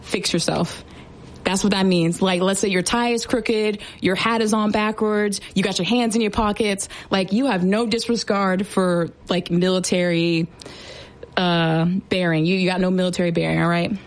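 A woman's voice: medium pitch, steady tone, normal speed. A young woman who serves as a sergeant, casually explaining military slang in a chatty, playful way with lots of fillers. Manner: chatty, filler-heavy, playful teasing asides.

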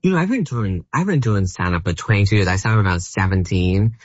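A man's voice: on the low side, animated, fast, no room sound. A man in his thirties with an Australian accent, a comedian guest chatting casually in an interview, rambling and self-deprecating with lots of fillers. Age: 30s. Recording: muffled dry broadcast audio.

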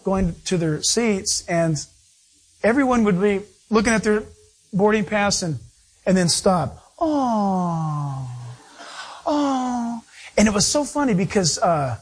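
A middle-aged man preaching a sermon in an animated, storytelling style. His voice sits notably high and has a husky, slightly breathy grain. He tells his stories playfully, with asides to the congregation. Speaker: pastor.

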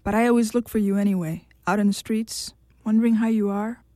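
A woman's voice: mid-range voice, fairly even intonation, fairly quick, warm tone, no room sound, lightly acted. A woman reading aloud, voicing a pouting, insistent married man who pleads and scolds. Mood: pleading. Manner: insistent, wounded.

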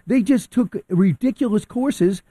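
A man arguing his views as a guest on a radio talk show, heated and fast-thinking, often restarting and repeating words. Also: sits high, mellow, husky, no room sound. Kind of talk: opinionated talk radio discussion.

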